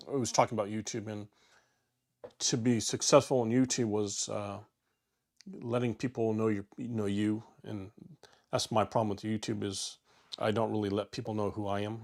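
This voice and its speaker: A fairly low-pitched man in his forties chats casually on a solo travel livestream. He rambles, restarts his sentences and fills the gaps with "uh" and "like" while reading viewer comments aloud and answering them. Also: steady tone, a little mellow. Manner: rambling, halting, with many fillers and restarts. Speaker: travel YouTuber and livestream host.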